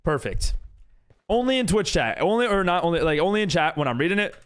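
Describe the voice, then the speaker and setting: An American man talks casually through a live game stream, reading messages from his chat and answering them as he builds. His voice sits fairly high for a man, and his pitch swings widely as he talks. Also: big pitch swings, fairly quick, smooth. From United States. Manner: chatty, reads and answers chat while building.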